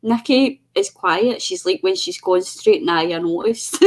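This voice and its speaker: A woman's voice: medium pitch, lively intonation, normal speed. A chatty, giggly woman co-hosting a casual craft livestream over a video call. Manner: chatty, giggly, mimics voices. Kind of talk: casual chat.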